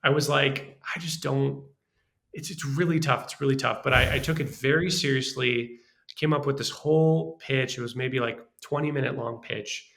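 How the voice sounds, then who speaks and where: A man, a screenwriter guest on a podcast, telling animated stories about his work in a casual way. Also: mid-range voice, normal speed, vocal fry. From Los Angeles. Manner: animated, restarts and acts out quoted voices.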